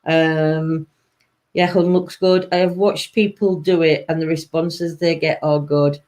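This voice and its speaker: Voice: mid-range voice, level tone, measured pace, a little mellow. A host with a Sheffield accent chatting casually on a live stream, reading out viewer comments, laughing often and trailing off mid-sentence. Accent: Sheffield, Yorkshire. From England.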